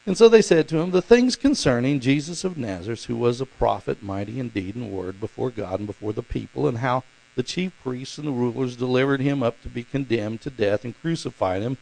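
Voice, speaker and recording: A man preaching a sermon as pastor, animated and acting out the voices in the stories he tells. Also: medium pitch, brisk, vocal fry, low-quality recording. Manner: animated, acts out voices in quotes.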